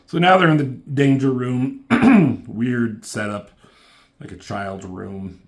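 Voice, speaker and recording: A man speaks slowly in a mid-range voice, casually recapping and reviewing a comic book. He keeps it loose and profane, and the characters' lines come out in a slightly raised voice.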